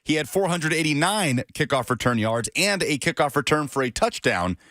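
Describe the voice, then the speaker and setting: A man's voice: a little high, normal speed, dry recording. A man co-hosting a sports radio show in the studio, ribbing his colleague. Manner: lively, ribbing.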